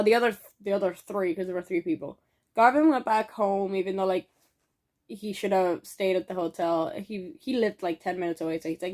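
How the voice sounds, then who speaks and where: A young adult woman telling a casual story in a vlog, rambling with many fillers and swearing now and then. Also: medium pitch. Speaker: vlogger.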